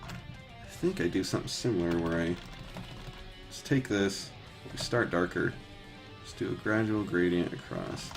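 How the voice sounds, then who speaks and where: Laid-back man in his thirties, slightly low-pitched, talks in loose rambling asides full of fillers and casual swearing; faint guitar music underneath. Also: a little slow, vocal fry, long pauses. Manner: rambling, filler-heavy, swears and laughs easily. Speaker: 3D artist streaming his texturing work. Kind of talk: casual chat while painting live.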